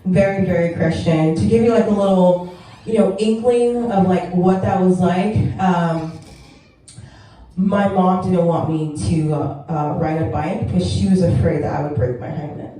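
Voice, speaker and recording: A young woman works through a stand-up set, chatty and self-mocking, with quick laughs between jokes. Her voice is mellow and dark in tone. It rings through an echoey club room, picked up from some distance. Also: fairly low pitch. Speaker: stand-up comedian. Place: comedy club stage. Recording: echoey room, mic heard from far off.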